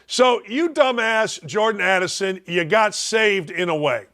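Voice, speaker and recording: An older man hosting a sports talk show, delivering a blunt, mocking rant that swings between loud jabs and low mutters. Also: unhurried.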